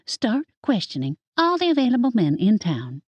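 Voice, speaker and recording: Woman voicing a bubbly, teasing young witch, pitched up and lively, with a dry close sound. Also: moderate pace, breathy edge, no echo, highs cut off, heavily acted. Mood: eager. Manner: excited and high-pitched.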